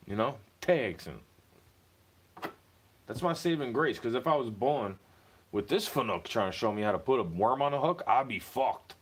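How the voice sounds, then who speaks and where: A man's voice: medium pitch, animated, moderate pace, long pauses, slight background noise. A young man ranting to camera in a heated, profane monologue, slipping into mocking put-on voices.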